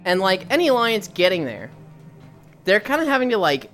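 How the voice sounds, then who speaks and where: A man's voice: sits high, sing-song, moderate pace, a bit bright, faint music behind. A man streaming while walking on a treadmill, chatting and telling a long, rambling story with casual swearing.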